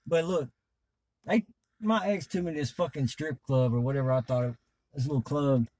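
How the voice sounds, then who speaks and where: A man's voice: fairly high pitch, normal speed, a little mellow, no echo. A man telling a crude story in a rambling, profane, laid-back way while stoned. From US South. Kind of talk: crude storytelling in casual chat.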